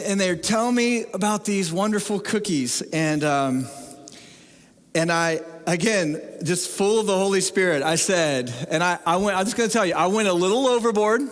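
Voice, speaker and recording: A man's voice: high voice, fairly bright tone. A man preaching a sermon as pastor, telling stories with humor at his own expense. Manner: humorous, self-deprecating storytelling. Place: church sanctuary. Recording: long reverb in a church hall.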